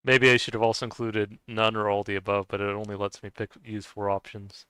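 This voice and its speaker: Rambling, low-voiced man chatting casually. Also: flat delivery, fairly quick, sharp tone, smooth, no room sound. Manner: rambling and hesitant, many fillers and restarts; chuckles often while talking. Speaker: game streamer chatting with viewers. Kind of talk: casual chat while playing.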